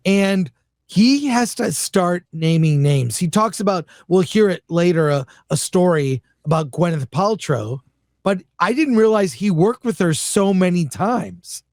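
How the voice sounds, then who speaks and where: A man weighs in as a guest on a reaction stream, calm and agreeable. His voice is a touch higher than usual, captured dry with no room echo. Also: unhurried. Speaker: guest commentator. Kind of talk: casual reaction chat.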